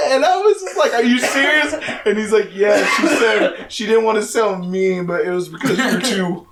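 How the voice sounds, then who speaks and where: A man's voice: high voice, lively intonation, moderate pace, a bit bright, echoey room, far from the mic, slight background noise, poor audio. A young man co-hosting a podcast, telling a story in casual chat, laughing often and swearing a lot. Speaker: podcast co-host.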